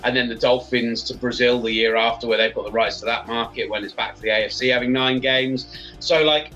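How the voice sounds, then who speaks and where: A man's voice: mid-range voice, steady tone, brisk, bright, forceful tone, soft background music. A man, a sports radio presenter chatting enthusiastically as a podcast guest. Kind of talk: casual podcast chat. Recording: slightly dull, lo-fi sound.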